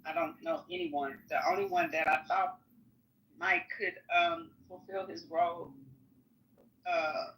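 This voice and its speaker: A man's voice: on the high side, little pitch movement, unhurried, pauses often, fairly bright tone, a little hiss or hum, low-quality recording. A man speaking hesitantly in a political discussion.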